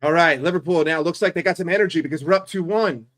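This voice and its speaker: A man gives live football commentary on his watchalong stream, sarcastic and full of swearing. His voice sits somewhat high with a very bright, forceful edge. He drops into low grumbling and then bursts into loud yells. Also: fast talker. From New York. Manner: profane, sarcastic and excitable, swinging from grumbling to yelling.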